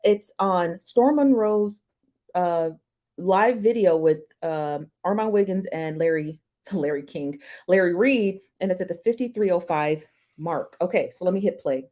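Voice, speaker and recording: A woman's voice: lowish voice, unhurried, dark tone. Chatty woman hosting a live stream. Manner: chatty, greets viewers by name, slangy asides. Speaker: host of a live-stream reaction show. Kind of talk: casual live-stream chat. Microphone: desk mic, close.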